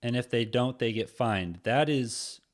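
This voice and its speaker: A man from the United States giving casual, animated reaction commentary, laughing often. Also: medium pitch, unhurried. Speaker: reaction channel host.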